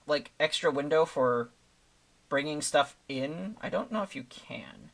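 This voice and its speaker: A man's voice: a little high, lively intonation, unhurried, creaky, a bit bright. A man casually commenting while he works on a live stream, thinking aloud with lots of fillers and restarts. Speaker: streamer making thumbnails.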